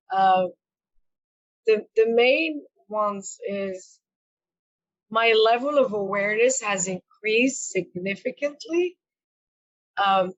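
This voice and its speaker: Earnest soft-spoken woman reflecting. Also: medium pitch, dull audio. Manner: earnest, soft-spoken, many fillers and repeats. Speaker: guest. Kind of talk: reflective personal interview talk.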